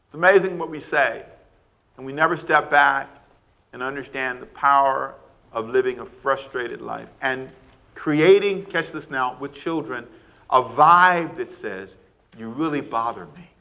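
Bright-voiced preaching man. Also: measured pace, creaky. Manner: preaching with wide swings of pitch and loudness, rhetorical questions; laughs between points, acts out quoted scolding. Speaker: pastor. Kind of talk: sermon.

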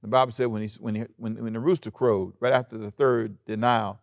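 A man pastor preaching a sermon in an animated way, acting out quoted lines and chuckling often. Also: on the low side, a little fast, no room sound.

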